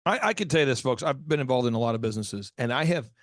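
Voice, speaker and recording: A man hosting a business podcast, telling stories in an animated, emphatic way. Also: mid-range voice, racing, no echo, studio quality. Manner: animated storytelling, emphatic asides. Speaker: podcast host.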